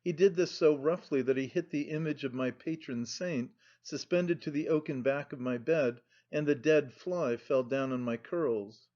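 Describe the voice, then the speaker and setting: A man reading an audiobook in a slow, measured narration, in a dull lo-fi recording. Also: fairly high pitch, mellow.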